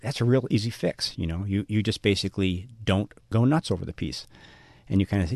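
A middle-aged man with a low voice talks fast in a radio interview. He muses and runs himself down, restarting his sentences as he thinks. His voice sounds dry and close to the mic. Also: a little mellow, no echo. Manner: self-deprecating, musing, many restarts. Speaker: guest author.

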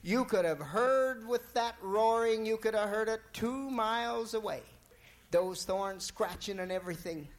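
Slow folksy male storyteller. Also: high voice. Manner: drawling, folksy, relaxed. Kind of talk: folk tale storytelling.

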